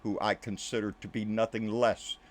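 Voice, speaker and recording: Speaking to camera, a man running a political commentary channel goes on an angry rant laced with profanity. He keeps using "baby" for the listener and often drops to low, muttered side comments, keeping a level tone at a moderate pace.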